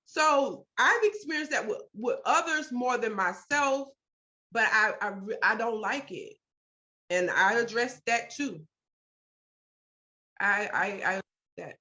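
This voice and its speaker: A middle-aged woman, a mother, telling in an interview about a hard hospital stay, emphatic and animated, repeating herself when upset. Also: on the high side, slow, pauses often. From United States. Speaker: parent telling her story. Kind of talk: interview storytelling. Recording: dull lo-fi sound.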